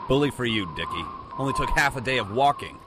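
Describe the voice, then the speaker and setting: A man's voice: mid-range voice, lively intonation, fast, heavy background noise, natural voice. A man as a sarcastic American adventurer. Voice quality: sarcastic, wisecracking. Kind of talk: audio drama acting.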